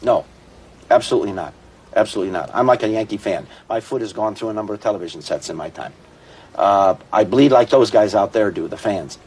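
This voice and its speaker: Husky low-voiced man, blunt and emphatic. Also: fairly quick, darkish tone, recorded from a distance. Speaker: interviewee, sports team owner. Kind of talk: interview answers.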